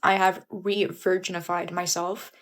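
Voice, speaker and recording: A woman's voice: on the low side, level tone, a little slow. A young woman venting to camera in an exasperated, profane way, full of rhetorical questions.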